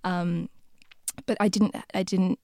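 A woman's voice: fairly low pitch, little pitch movement, takes it slowly, warm tone, dry recording, studio quality. A young woman from the UK, a podcast guest who speaks hesitantly with many restarts in a reflective casual chat.

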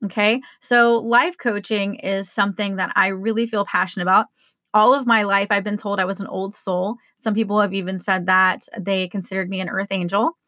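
A woman's voice: mid-range voice, fairly even intonation, pushed and bright, dry recording. A woman hosting her own podcast as a life coach, talking casually and enthusiastically to listeners. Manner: upbeat, enthusiastic, spells things out slowly.

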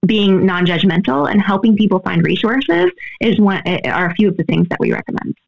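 A woman's voice: mid-range voice, expressive, fairly quick, gravelly, dull audio. A woman answering interview questions as an expert guest, earnest and explanatory, often tagging on "right?".

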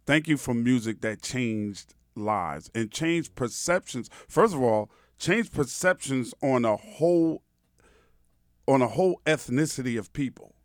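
A man's voice: medium pitch, lively intonation, a little slow, no room sound, studio quality. A man from New York hosting a podcast, talking in an emphatic, profane and heartfelt way. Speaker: podcast host. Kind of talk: casual interview chat.

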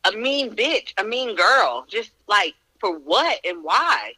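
A woman with a Northern US accent chats on a podcast. Her voice is bright and lively, and it sounds dry and close. She speaks bluntly and with a lot of swearing, telling stories with animated energy. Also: medium pitch, slow pace, no room sound, rough recording. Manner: blunt, profane, animated storytelling. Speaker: podcast co-host. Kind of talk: casual chat.

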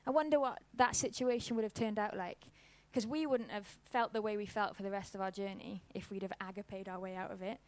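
A woman's voice: medium pitch, fairly even intonation, a little fast, hardly any pauses, dry recording. Woman giving an informal sermon. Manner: conversational storytelling with fillers. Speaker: church speaker.

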